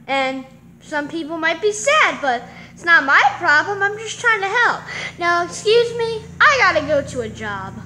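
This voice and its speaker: A woman's voice: very high voice, sing-song, normal speed, pushed and bright, slight background noise, heavily acted. A woman voicing Batman, an earnest male cop who narrates a homemade mini movie in a melodramatic way. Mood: bossy. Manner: earnest, melodramatic, hums "dun dun" stings.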